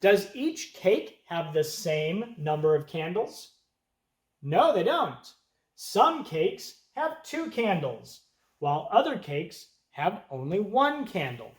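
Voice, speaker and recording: An elementary music teacher teaching young children, speaking slowly and patiently and counting beats aloud. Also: mid-range voice, very animated, reverberant.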